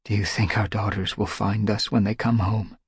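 A man voicing a weary female warrior cat who speaks softly and anxiously in a storybook reading. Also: lowish voice, level tone, normal speed, breathy edge, dry recording, studio quality, pitched above the performer's own voice. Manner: soft, anxious pleading. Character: worried she-cat warrior, gentle and weary.

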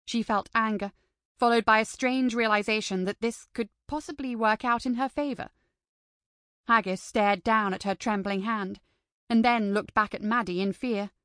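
A woman reading an audiobook in steady scripted narration. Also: a little high, moderate pace, clear, resonant tone, no echo, studio quality. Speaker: audiobook reader.

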